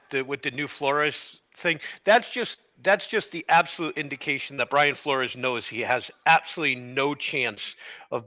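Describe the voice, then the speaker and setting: Male caller-guest, emphatic arguer, bright tone, dull audio. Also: medium pitch, no echo. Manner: emphatic, argumentative. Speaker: podcast guest. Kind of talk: casual podcast chat.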